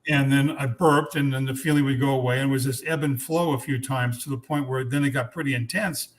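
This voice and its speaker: An older man in his sixties tells his story as a podcast guest. His middle-pitched voice sounds frank and earnest. He speaks bluntly and restarts his sentences often. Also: steady tone, a little fast. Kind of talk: candid personal storytelling.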